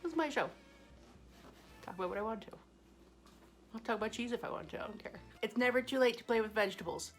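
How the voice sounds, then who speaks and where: A woman's voice: fairly high pitch, fairly even intonation, fast talker, soft background music. A woman hosting a casual cooking vlog in her home kitchen, chatty and self-mocking, laughing often. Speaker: cooking show host.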